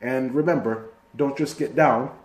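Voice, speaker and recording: A man's voice: mid-range voice, unhurried. A man giving a casual, rambling video review of a TV season, full of fillers and restarts. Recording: echoey room.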